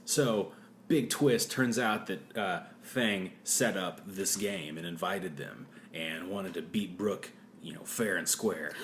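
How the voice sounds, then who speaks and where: A man with a fairly low voice talks through a movie plot in a casual, joking co-host chat. He drops into quick offhand voices for the characters as he retells the scenes. A faint ambient hiss sits under the recording. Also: fairly bright tone. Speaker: podcast co-host.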